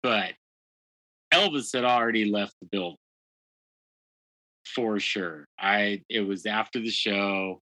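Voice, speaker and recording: A man's voice: lowish voice, sharp tone, no echo, rough recording. A man, a podcast guest, telling a candid story with blunt, profane, self-deprecating talk and lots of "dude" and "like". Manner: frequent "dude" and "like" fillers.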